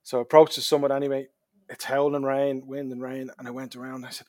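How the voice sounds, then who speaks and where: An Irish man telling a long personal story as a podcast guest, lively, dropping to a murmur at quiet moments. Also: mid-range voice, fast talker, no room sound. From Ireland. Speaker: charity hike organizer, guest.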